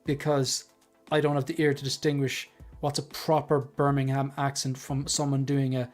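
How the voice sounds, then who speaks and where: A man hosting a casual panel livestream, joking and tossing quick asides to the chat. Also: mid-range voice, completely flat delivery, darkish tone, faint music behind. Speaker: livestream host.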